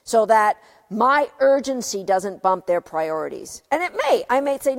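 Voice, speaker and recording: A woman dog trainer giving earnest, reflective advice and often asking herself questions out loud. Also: a little high, expressive, normal speed, gravelly. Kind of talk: motivational advice talk. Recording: long reverb.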